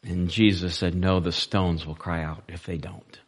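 A male preacher delivering a sermon, moving between loud, emphatic lines and soft, low-voiced passages. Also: flat delivery, measured pace.

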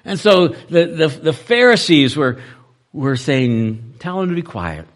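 A male preacher delivering a sermon, moving between loud, emphatic lines and soft, low-voiced passages. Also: very animated, a little slow.

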